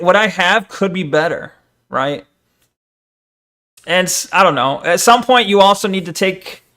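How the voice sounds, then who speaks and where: A man's voice: sits high, bright, forceful tone. A man streaming live, reacting to a video with rambling casual commentary full of fillers. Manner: rambling, talks over the video, frequent fillers.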